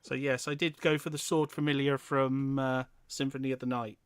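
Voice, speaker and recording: A man running a tabletop role-playing game as game master, in a relaxed, low-key way. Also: normal speed, smooth, dry recording.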